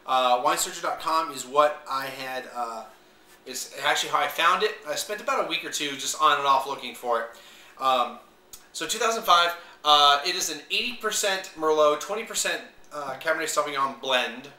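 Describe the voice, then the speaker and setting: A man's voice: a little high, lively intonation, normal speed, bright, forceful tone, far from the mic. A man giving a casual wine review on video, rambling with plenty of fillers and trying out different pronunciations. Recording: echoey room, voice away from mic.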